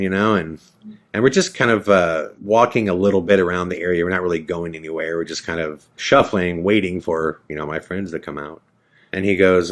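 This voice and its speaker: Low-voiced man telling a true story. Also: fast. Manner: animated retelling, acts out both sides of dialogue. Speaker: podcast host. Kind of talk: casual first-person storytelling.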